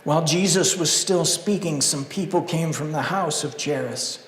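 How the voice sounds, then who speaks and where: A male pastor preaching a sermon in a church, animated and acting out the story in character voices. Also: a little high, normal speed, echoey room, long reverb tail, a little hiss or hum, rough recording. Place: church sanctuary.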